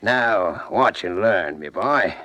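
An actor playing Grigsby, a boastful, scheming master thief, hearty and swaggering in an old-time radio drama. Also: male voice, sits low, animated, slow, sharp tone, dry recording, exaggerated voice. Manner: hearty, swaggering, laughs often.

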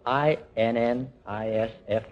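A young man from Canada, a serviceman answering quiz questions on 1940s radio, hesitant and soft-spoken. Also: medium pitch, steady tone, measured pace, noisy background. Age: young adult. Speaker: contestant, serviceman. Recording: dull lo-fi 1940s radio broadcast.

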